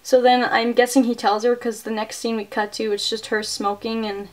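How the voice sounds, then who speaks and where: Young woman recapping a movie plot, kinda high-pitched, super chatty and excited, says like a lot. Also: normal speed. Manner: chatty and excitable, heavy use of "like" fillers. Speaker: movie reviewer. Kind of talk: casual retelling of a film plot.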